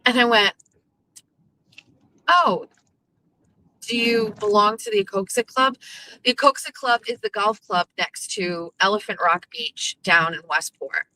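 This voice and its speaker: A woman's voice: mid-range voice, bright, forceful tone, a little hiss or hum, poor audio. A woman, hosting her show and telling a casual, profane story, quoting the people in it. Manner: chatty and profane, quoting others in quick back-and-forth. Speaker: host.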